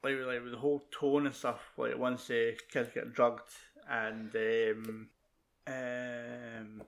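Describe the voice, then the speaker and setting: A man's voice: mid-range voice, level tone, takes it slowly, creaky. A Scottish man in casual film-discussion chat, sweary and chatty, full of "like".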